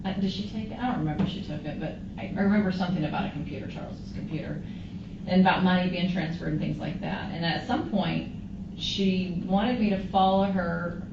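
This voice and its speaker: Woman witness in a police interview, low voice, roomy and distant recording. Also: fairly quick, vocal fry, muffled recording, background noise. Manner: rambling, animated retelling with quoted dialogue. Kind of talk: recounting events to police.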